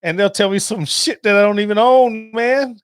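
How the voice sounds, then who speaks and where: A man's voice: sits high, normal speed, clear, resonant tone, no room sound, studio quality. A man hosting a podcast, chatting casually and animatedly as he tells stories and acts out phone calls. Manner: animated storytelling with laughs and acted-out phone calls. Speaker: podcast host. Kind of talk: casual monologue.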